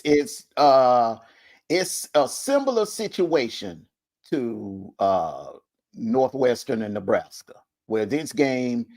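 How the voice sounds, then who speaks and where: Brief: male sports stream host, hyped, casual, average pitch. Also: darkish tone. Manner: hyped, laughs often. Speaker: show host. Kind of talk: casual sports talk livestream.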